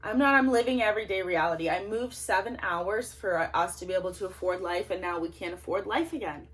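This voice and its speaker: A woman's voice: on the low side, fairly quick, a bit bright. A woman, delivering an indignant, emotional monologue to camera. She records in a small home closet without a microphone. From Canada. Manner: ranting, indignant, voice swinging up and down. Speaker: political vlogger. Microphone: no microphone, camera's built-in mic.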